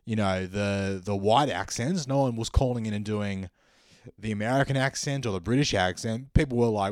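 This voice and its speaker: A man's voice: mid-range voice, expressive, moderate pace, a little mellow, dry recording, clean studio sound. Wry Australian man musing aloud. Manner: wry, musing, thinks aloud with self-corrections. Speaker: comedian host. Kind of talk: comedic podcast monologue.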